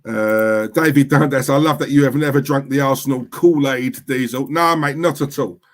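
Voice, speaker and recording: At a medium pitch and moderate pace, a young man from East London speaks in a Cockney accent while hosting a casual livestream. He reads and reacts to the chat, blunt and repetitive in his talk.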